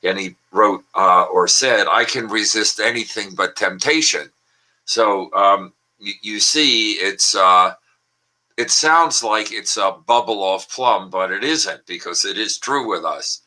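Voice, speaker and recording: A man's voice: on the low side, a little slow, bright, forceful tone, rough recording. An older man in casual chat over a video call, telling puns and jokes with lots of filler words. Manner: chatty, with frequent filler words and pun-laden asides. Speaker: language columnist and guest. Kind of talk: casual online wordplay talk.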